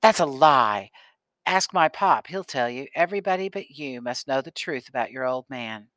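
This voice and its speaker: A man's voice: medium pitch, animated, normal speed, fairly bright tone, no room sound, close to an everyday voice. A man voicing a lonely, odd schoolgirl in an audiobook who talks in a whining, defensive way.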